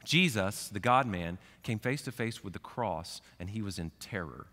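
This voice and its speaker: A man's voice: fairly low pitch, expressive, normal speed. Man preaching a sermon in a reverberant church. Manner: conversational preaching, swings from hushed to fervent. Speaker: pastor. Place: church sanctuary.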